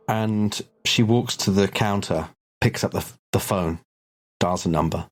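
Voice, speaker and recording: A man's voice: low-pitched, a little slow, faint music behind. A man narrating a tabletop horror game as keeper, describing scenes and voicing characters in quotes.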